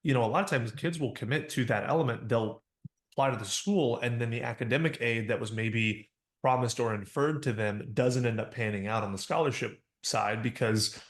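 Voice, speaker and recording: Confident male co-host, mid-pitched, explanatory, echoey room sound. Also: fairly quick. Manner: confident, explanatory, acts out quoted voices. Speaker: co-founder and podcast guest. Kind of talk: casual podcast discussion. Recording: roomy echo.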